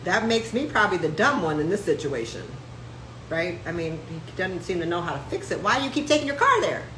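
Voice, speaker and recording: A woman hosting a live stream, a chiropractor ranting in a brash, sarcastic, animated way. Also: on the low side, a little fast, echoey room, slight background noise, poor audio. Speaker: host.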